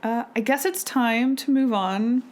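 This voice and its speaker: A woman co-hosting a podcast speaks at a measured pace in a voice that sits on the high side. Her casual chat meanders, full of filler words.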